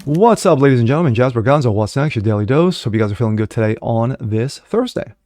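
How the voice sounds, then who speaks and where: A man's voice: mid-range voice, lively intonation, fast, a little mellow, faint music behind. A man hosting a daily commentary show, talking in a sarcastic, mocking, loose and conversational way into a close mic.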